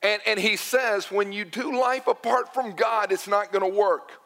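A man with a high-pitched voice delivers a sermon in a church sanctuary. He moves between storytelling and emphatic repetition of his key points. His words carry a long reverb from the large hall. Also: moderate pace, vocal fry, fairly bright tone, faint music behind. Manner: storytelling, emphatic with repeated phrases. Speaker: pastor.

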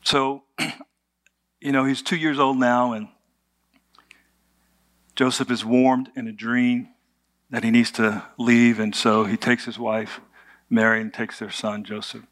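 A male pastor delivers a relaxed, conversational sermon. He speaks at a moderate pitch, leans on humor and rhetorical questions, and keeps a storytelling flow.

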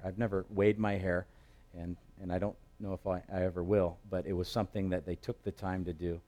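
A man with a fairly low voice preaching a sermon. He tells the story with a playful, lively touch and swells loud and high at the emotional peaks. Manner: lively storytelling with humor and dramatic quotes. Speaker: pastor.

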